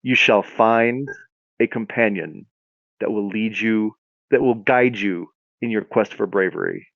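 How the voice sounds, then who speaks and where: Solemn bearded wizard, done by a man, slow hushed prophecies, dry dull recording. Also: fairly low pitch, creaky, no echo.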